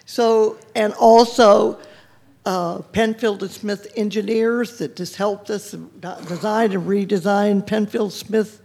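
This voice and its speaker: A woman's voice: medium pitch, steady tone, slow pace, creaky, darkish tone. Woman thanking everybody at a board meeting, rambly, trips over words. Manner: rambling, effusive, breaks off mid-word. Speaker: environmental group leader thanked at a public meeting. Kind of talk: public thank-you speech. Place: public board meeting hall.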